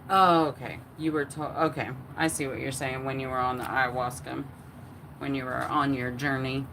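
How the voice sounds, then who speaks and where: A woman's voice: rumbling low, fairly even intonation, moderate pace, fairly bright tone, slight background noise. A woman in her forties hosting a casual livestream at home, chatting and answering her chat in a rambling way, full of fillers and restarts. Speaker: livestream host.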